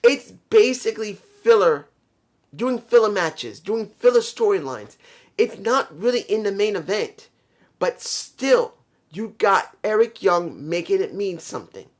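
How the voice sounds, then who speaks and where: A man's voice: sits high, lively intonation, measured pace. A man giving a casual, opinionated review monologue. He rants bluntly, swears freely, and has a worn voice he calls messed up. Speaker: show reviewer.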